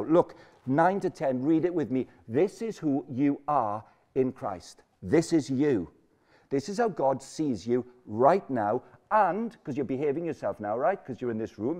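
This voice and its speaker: A mid-range male voice preaches a lively sermon at a student conference in a lecture hall, energetic and jokey, repeating his points to stress them.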